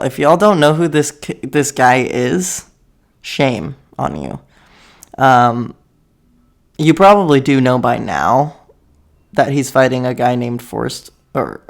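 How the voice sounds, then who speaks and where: A man's voice: mid-range voice, gravelly. A young American man talking casually to his camera, rambling and correcting himself, often laughing. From United States. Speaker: vlogger.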